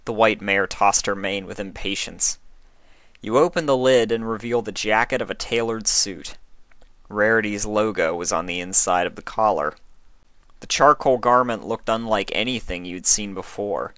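Casting: a low-voiced male narrator with a bright, forceful tone, reading calmly. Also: normal speed, no echo. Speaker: story reader. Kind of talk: audiobook narration.

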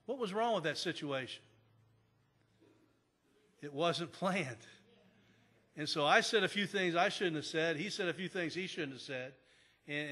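Pastor preaching in a reverberant church. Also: male voice, on the high side, a bit bright. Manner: conversational storytelling with frequent restarts. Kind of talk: sermon. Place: church sanctuary. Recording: long church hall reverb.

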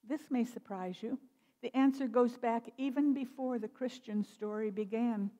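A woman minister delivers a sermon with measured, expressive pacing, her voice mellow and relaxed. The sound carries a long reverb from the church around her. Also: on the high side. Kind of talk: sermon with storytelling. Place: church sanctuary.

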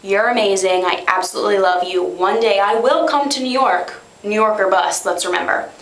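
A young woman with a middle-pitched voice gushes through an excited birthday message, owning that she is awkward. The room around her sounds echoey and hollow. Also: normal speed. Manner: gushing, excitable, self-consciously awkward. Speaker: friend sending a birthday message. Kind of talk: casual to-camera birthday message.

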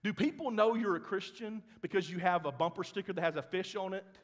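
A male pastor, preaching a sermon with animated storytelling that rises into loud, fervent passages. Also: high-pitched, a little fast. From Mississippi. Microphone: handheld or headset microphone, sometimes cutting out. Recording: church hall with long reverb.

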